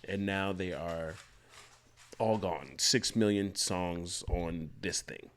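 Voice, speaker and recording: A man's voice: deep voice, slow pace, a bit bright, a little hiss or hum. A man, chatting casually and laughing while he reacts to a comedy clip. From Georgia, US. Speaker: reaction video host.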